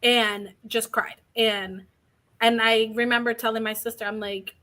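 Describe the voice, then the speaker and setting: A woman's voice: on the high side, flat delivery, a little slow, bright, forceful tone. A young adult woman telling a personal story as a guest, openly and ramblingly, coughing a little from asthma. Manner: open, rambling, quotes others in little acted lines. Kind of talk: candid personal story in an interview.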